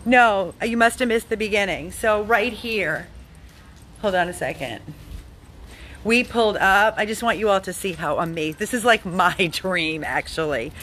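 A woman dog rescuer narrating a vlog outdoors in a yard on a handheld phone camera, enthusiastic and rambling in quick bursts. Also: medium pitch, a bit bright, a little hiss or hum.

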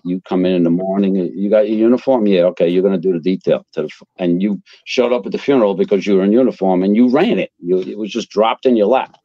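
A retired fire captain from Queens, New York, an older man with a lowish voice, tells blunt, profane stories as a guest in a casual interview. He's an animated storyteller, and the recording is dull and lo-fi with no echo.

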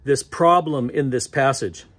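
A man's voice: medium pitch, measured pace, fairly bright tone, slightly rough. A man with an American accent preaching a sermon as pastor, conversational and often chuckling between phrases. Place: church sanctuary.

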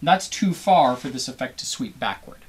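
Animated man lecturing on biology. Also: mid-range voice, normal speed, husky. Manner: animated, acts out cheering crowd voices in examples; encouraging toward students.

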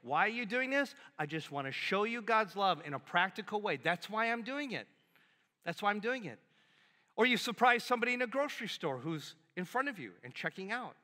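A man preaching a sermon as a pastor, animated and conversational, acting out little quotes as he goes. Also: high-pitched, a little fast. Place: church sanctuary. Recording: long hall reverb in a church.

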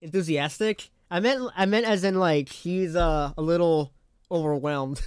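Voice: mid-range voice, measured pace, clear, resonant tone, no room sound, clean studio sound. A live streamer chatting casually with chat, laughing often and talking in playful slang.

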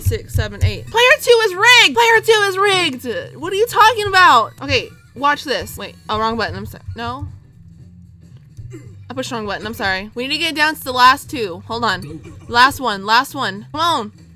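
High, lively young woman shouting over a game. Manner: shouts and wails at losses, excitable. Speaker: gaming video host. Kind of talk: excited gameplay commentary.

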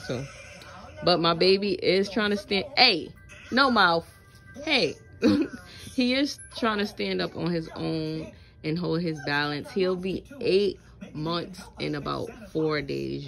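A young woman and mother chatting casually in a vlog at home, relaxed and chatty with lots of fillers. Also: low-pitched, vocal fry. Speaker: vlogger, mother. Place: home, indoors.

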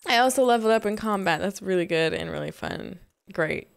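A young woman hosting a casual let's-play, muttering in exasperation and then bursting into relieved excitement. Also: mid-range voice, brisk, gravelly, clean tone, dry recording, clean studio sound. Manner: animated, exasperated muttering with sudden joyful outbursts. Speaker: gaming channel host.

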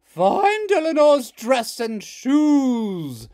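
A man voicing a fierce, booming mother in a storybook read-aloud, roaring out commands. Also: huge pitch swings, takes it slowly, a little mellow, exaggerated voice.

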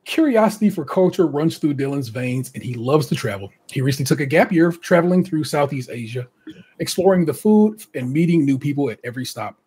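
A man's voice: on the high side, expressive, brisk, mellow, husky. A man hosting a casual podcast, reading out contestant bios and breaking off for chatty asides and laughter. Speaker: podcast host.

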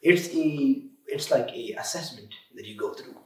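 A man's voice: mid-range voice, normal speed. Emphatic man, distant roomy mic. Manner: emphatic, animated, leans on "you know" and "literally". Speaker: auto repair shop owner. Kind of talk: podcast interview guest.

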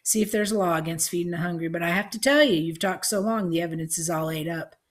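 Tough old country grandma voiced by a woman, dry, blunt, unbothered, low voice. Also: fast talker, lightly acted.

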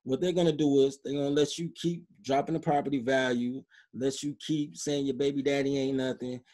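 A man's voice: mid-range voice, level tone, a little fast, warm tone. A man from Chicago, a podcast guest, giving blunt, emphatic opinions in a casual, street-style way. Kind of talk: opinionated interview talk.

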